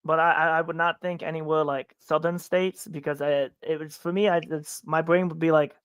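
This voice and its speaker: A man from upstate New York co-hosting a podcast in casual chat, rambling with many halting restarts. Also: fairly high pitch, little pitch movement, fairly bright tone, clear, resonant tone, no room sound. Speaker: podcast co-host.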